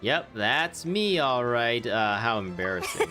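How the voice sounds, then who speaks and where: A man's voice: mid-range voice, big pitch swings, a little slow, sharp tone, soft background music. Rambling chatty man gaming. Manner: rambling, chatty, laughs often. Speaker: game streamer. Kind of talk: casual gameplay commentary. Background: game audio.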